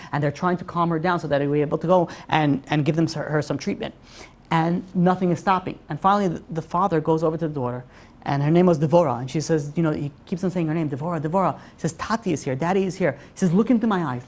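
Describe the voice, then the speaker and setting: A woman teaching a religious class, telling stories in a lively way with many "you know, like" fillers and acted-out quotes. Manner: animated storyteller, acts out quotes with big pitch jumps. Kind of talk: religious lesson storytelling.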